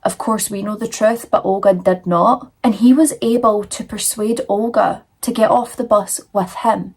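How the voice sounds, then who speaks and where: Woman, true crime storyteller, chatty and dramatic, gravelly, husky voice. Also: medium pitch, a little mellow. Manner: chatty, dramatic, frequent fillers. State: cold. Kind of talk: casual storytelling while doing makeup.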